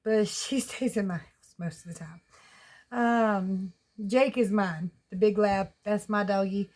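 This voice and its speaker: A woman's voice: mid-range voice, steady tone, unhurried, darkish tone. A woman with a Southern US accent rambling in a casual, folksy home vlog, often laughing. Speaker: vlogger. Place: at home with pets.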